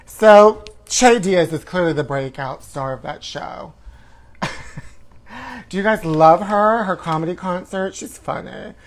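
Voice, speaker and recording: A man's voice: high voice, takes it slowly, soft background music. Campy man hosting a gossip comedy show. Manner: campy, calls listeners honey. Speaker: host. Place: home livestream.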